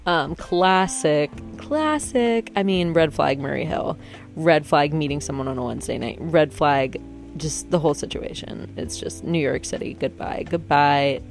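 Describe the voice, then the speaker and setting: Low-voiced chatty young woman. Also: steady tone, moderate pace, creaky, soft background music. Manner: chatty, filler-heavy, self-mocking. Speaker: vlogger. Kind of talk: casual storytelling monologue.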